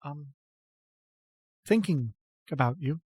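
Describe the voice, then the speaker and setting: A man's voice: fairly high pitch, expressive, takes it slowly, a little mellow, husky, no room sound, full character voice. A man voicing a flustered, devoted young woman who stammers and repeats herself. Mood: flustered, eager.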